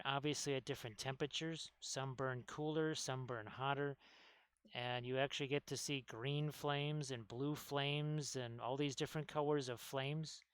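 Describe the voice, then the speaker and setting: Smooth-voiced man chatting while painting. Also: mid-range voice, dry recording. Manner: rambling, talks while working, chats with viewers. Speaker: miniature painting streamer. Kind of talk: casual painting tutorial chat.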